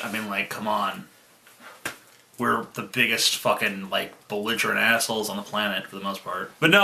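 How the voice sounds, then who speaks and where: A man's voice: fairly low pitch, pushed and bright, a little hiss or hum. A man telling family stories casually, rambling with lots of fillers and swearing. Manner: rambling, filler-heavy, profane. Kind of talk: casual storytelling among brothers. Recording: roomy, echoey room.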